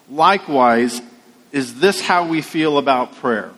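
A man preaching a sermon as a pastor, slow and conversational, mixing anecdotes with scripture. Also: medium pitch, lively intonation, a bit bright, long reverb tail.

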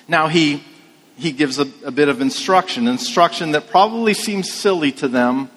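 Male pastor, measured conversational sermon, slightly high voice, long hall reverb. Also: a bit bright. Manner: slow, conversational preaching with anecdotes.

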